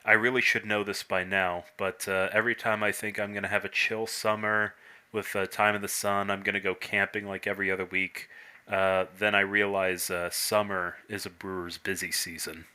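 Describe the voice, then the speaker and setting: Low, bright-voiced hesitant man. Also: flat delivery, moderate pace, clear, resonant tone. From United States. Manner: hesitant, many "uh" fillers and restarts. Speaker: brewer guest. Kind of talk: casual podcast chat.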